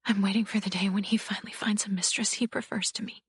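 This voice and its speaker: A timid, bruised young wife with a quiet, shaky, breathy voice. She speaks high and soft, and the recording is dry and close. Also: steady tone, fast, dry recording. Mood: candid.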